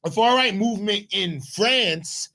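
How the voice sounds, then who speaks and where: A man co-hosting a comedic news talk show, rambling and halting with many restarts. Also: sits high, sharp tone. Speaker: co-host. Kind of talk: casual comedic news chat.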